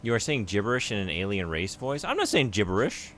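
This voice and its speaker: A man's voice: on the low side, big pitch swings, quick pace, a bit bright. A man streaming a video game, chatting casually and laughing at himself. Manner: giggly, self-deprecating. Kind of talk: casual let's-play commentary.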